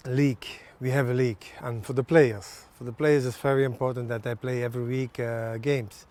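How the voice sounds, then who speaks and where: A man, a national team's head coach, answering in halting non-native English with many pauses and fillers in a TV sports interview. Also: medium pitch, steady tone, a little mellow. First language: not English.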